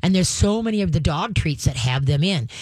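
A woman's voice: on the low side, animated, brisk, a little mellow, breathy edge, no echo. A woman hosting a call-in show as a dog trainer, chatty and folksy, acting out firm commands. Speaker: dog trainer radio host. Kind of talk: casual call-in advice.

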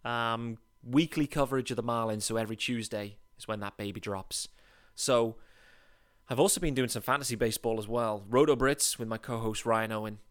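A British man from England runs a solo podcast in a chatty, enthusiastic manner. His voice sits at an ordinary middle pitch, and he leans hard on words he wants to stress. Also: steady tone, a little fast. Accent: British English. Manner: upbeat, chatty, emphatic. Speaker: podcast host.

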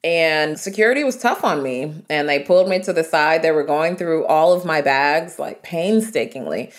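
A woman from the United States, a traveler and interview guest, telling her travel stories in an animated, vivid way. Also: deep voice, normal speed. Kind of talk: storytelling in an interview.

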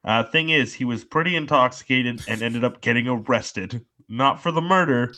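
A man co-hosting a casual podcast, deadpan as he tells an odd news story. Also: mid-range voice, moderate pace. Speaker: podcast co-host.

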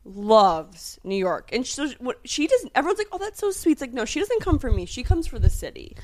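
A young woman from Minnesota co-hosting a podcast, giggly and animated in casual chat. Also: high voice, a little fast, no room sound, rough recording. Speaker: podcast co-host.

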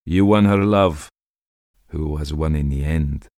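A man's voice: very deep voice, unhurried, a little mellow, no room sound, studio quality. A man voicing a frenzied, exultant ancient priest with a wild, shrieking manner in a storybook reading. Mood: manic.

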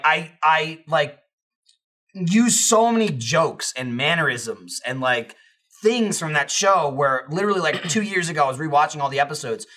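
A young man with a bright, slightly high voice tells a story on a podcast. He is animated and rambling, full of fillers and casual swearing. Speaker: podcast co-host.

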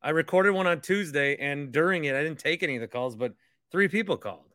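Bright-voiced man hosting a podcast. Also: fairly high pitch, fast, dry recording, clean studio sound. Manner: rambling, joking asides. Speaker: podcast host, former radio host. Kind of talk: casual podcast chat.

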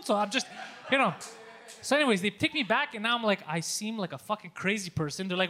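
A Greek man, a stand-up comedian, telling a story in casual chat, animated and profane, acting out shouted lines. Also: sits high, racing. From Greece.

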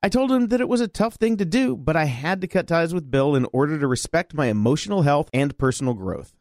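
A man co-hosting a podcast, reading listener letters aloud in an expressive, animated way. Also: on the high side, fairly quick, no room sound, studio quality.

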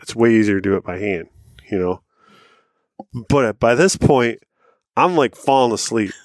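A man's voice: on the low side, lively intonation, normal speed, dry recording, studio quality. A man co-hosting a podcast, telling a rambling story in casual chat, acting out what people said and swearing casually. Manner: rambling anecdotes, acts out quoted lines, swears casually. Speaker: podcast co-host.

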